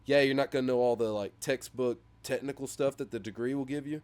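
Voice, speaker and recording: Smooth-voiced young man chatting casually. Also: mid-range voice, a little fast. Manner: rambling, filler-heavy, animated when retelling memes. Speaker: podcast co-host. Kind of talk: casual chat.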